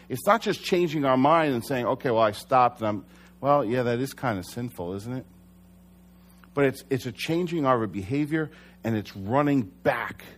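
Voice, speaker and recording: Young male pastor, mid-range voice, earnest, chatty sermon delivery. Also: medium pitch. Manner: conversational, earnest, with self-corrections.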